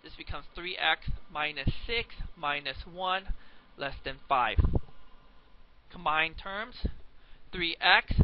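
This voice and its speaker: A man's voice: on the high side, takes it slowly. A young man teaching math in a casual, joking lecture, asking viewers questions as he goes. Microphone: webcam microphone. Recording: dull lo-fi home webcam recording with faint hiss.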